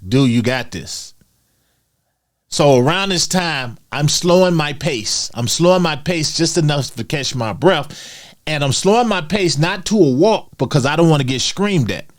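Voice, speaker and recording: A man vlogging, telling a personal story in a chatty way and calling his viewers "guys". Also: a little high. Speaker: finance vlogger.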